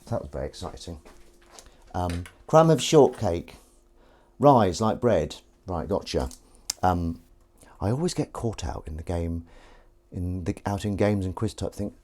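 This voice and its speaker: A man hosts a live stream in loose, rambling chat, poking fun at himself as he goes. His voice sits low and sounds mellow and dark. The pitch still swings about freely. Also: animated, a little slow, long pauses. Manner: rambling, self-mocking and chatty, slipping into a high sing-song voice to coax his cat. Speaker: host. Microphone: fixed streaming mic.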